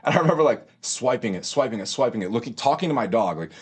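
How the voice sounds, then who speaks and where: A man's voice: mid-range voice, lively intonation, quick pace, slightly rough. A man in his twenties, a podcast guest, telling his story in casual slang, swearing and saying bro often. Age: 20s. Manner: slangy and profane, says bro a lot.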